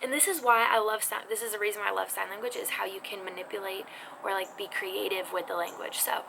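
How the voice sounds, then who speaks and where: A woman teaching a casual video lesson on sign language, talking in an animated, expressive, chatty way. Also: medium pitch, fast talker, gravelly, a crowd in the background. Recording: noisy background.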